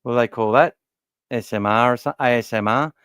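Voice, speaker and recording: A man's voice: mid-range voice, fast talker, fairly bright tone, smooth, dry recording, clean studio sound. Blunt, sweary Australian man with a worn voice. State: voice worn from talking all day. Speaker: podcast host. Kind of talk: casual fan podcast chat. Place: warm room at home.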